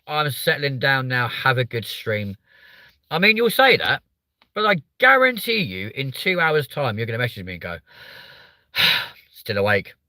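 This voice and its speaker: Blunt, sweary English streamer. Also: male voice, medium pitch, bright, forceful tone, no room sound. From England. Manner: blunt, sweary, reads chat aloud. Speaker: live stream host. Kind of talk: casual live stream chat.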